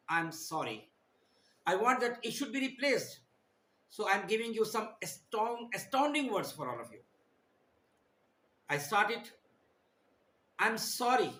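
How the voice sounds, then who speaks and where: Slow, animated man teaching English words. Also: high-pitched, reverberant, rough recording. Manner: slow, deliberate listing of words. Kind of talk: vocabulary lesson.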